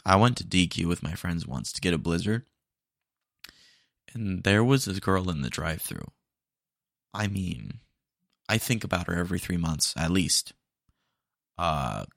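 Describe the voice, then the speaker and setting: A man's voice: deep voice, creaky, fairly bright tone, no echo, clean studio sound. A young man hosting a solo podcast, talking in a laid-back, rambling, jokey way. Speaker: podcast host. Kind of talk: solo casual podcast talk.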